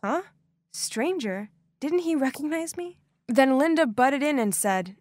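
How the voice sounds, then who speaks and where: A woman narrating a first-person animated story in an expressive, dramatic way. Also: high-pitched, measured pace, no echo, clean studio sound.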